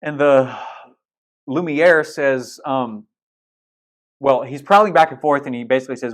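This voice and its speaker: A man's voice: medium pitch, normal speed, pauses often. Casual storytelling preacher man. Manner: casual, storytelling, retelling film scenes with restarts; blunt asides. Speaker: pastor. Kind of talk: sermon.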